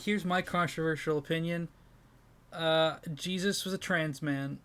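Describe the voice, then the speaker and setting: A man's voice: a little high, a little slow, fairly bright tone, clear, resonant tone. A man co-hosting a casual comedy podcast, rambling and self-deprecating, sleep-deprived and breaking into laughter. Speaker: podcast co-host.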